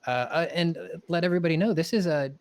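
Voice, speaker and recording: A man co-hosting a casual game stream, relaxed and laid-back as he tells a story. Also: fairly high pitch, fast, background noise. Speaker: co-host. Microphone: headset over voice chat.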